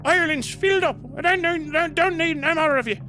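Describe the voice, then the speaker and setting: A man's voice: extremely high pitch, a little fast, pushed and bright, soft background music, pitched above the performer's own voice. A man voicing an anxious, grumbling Irish nationalist man who whines and repeats himself. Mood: whiny. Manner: whiny, repetitive, mock-fearful.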